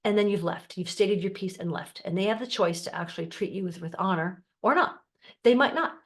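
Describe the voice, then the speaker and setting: A middle-aged woman coaching her viewers in a calm, explanatory way, acting out the voices of the family members she quotes. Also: mid-range voice, fairly quick. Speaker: life coach. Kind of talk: teaching to camera.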